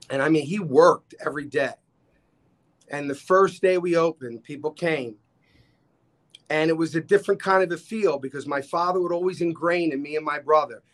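A man in his 60s appears as a podcast guest in a casual storytelling chat, animatedly acting out the dialogue of people he quotes. His voice is fairly high-pitched and his pace moderate.

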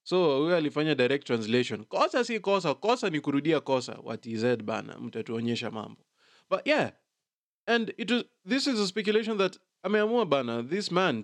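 A man's voice: on the high side, very animated, brisk, dry recording. A man giving casual commentary on celebrity gossip, chatty and dropping Swahili slang into his English.

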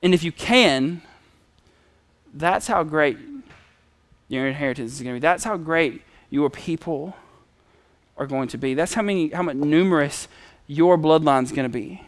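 A man voicing God as a gentle, fatherly presence, speaking softly and tenderly. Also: a little high, unhurried, dry recording, natural voice. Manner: soft, hushed and tender.

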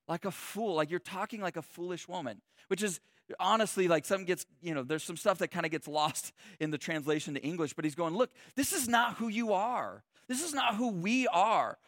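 In this clean studio recording with no room sound, a male pastor delivers a sermon casually and humorously. His voice is high, bright and forceful, and he keeps restarting sentences and saying "like."

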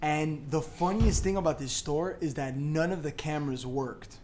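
A young man tells a loud, swear-filled story among friends, slipping into other people's voices as he goes. His voice sits a little high for a man. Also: normal speed, a little hiss or hum. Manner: loud, swearing, acts out quotes. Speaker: podcast co-host. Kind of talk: casual storytelling chat.

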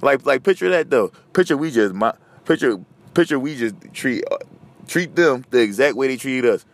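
A man hosting a podcast, ranting casually and profanely, veering from loud outbursts to low muttering. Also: expressive, moderate pace. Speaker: podcast host. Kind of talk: casual solo rant.

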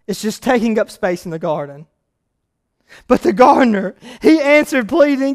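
A pastor preaching a sermon, telling stories with lively animation and building to loud, emphatic points. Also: male voice, very high voice, normal speed.

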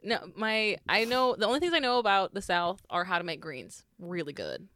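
A woman's voice: mid-range voice, expressive, moderate pace, sharp tone. A young woman co-hosting a casual book chat, talkative and laughing often. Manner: chatty, laughs often, trails off mid-sentence. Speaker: podcast co-host.

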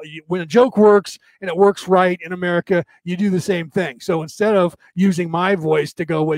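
A man in his fifties rambles through a casual chat, profane and animated. His voice is on the high side for a man. The recording is dry and close to the mic. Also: no echo. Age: 50s.

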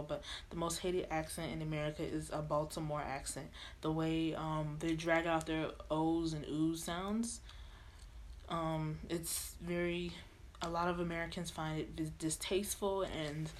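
A woman's voice: deep voice, level tone, measured pace, slight background noise. A woman in her twenties co-hosting a casual podcast chat, easygoing and teasing. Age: 20s. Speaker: podcast co-host.

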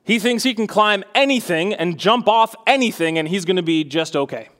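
A young pastor delivers his sermon in a notably high voice, earnest and building to fervent emphasis. He is a man talking straight to his congregation. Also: animated, a little fast, fairly bright tone.

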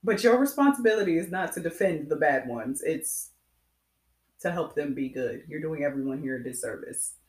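A woman co-hosting a casual chat, frank and animated, laughing often. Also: low voice, normal speed, reverberant.

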